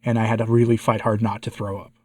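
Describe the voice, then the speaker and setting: Congested hoarse guy vlogging, frustrated, asking viewers for help, dry close sound. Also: lowish voice, level tone, fast, mellow, dry recording. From United States. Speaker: vlogger, channel host. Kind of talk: casual personal update to viewers.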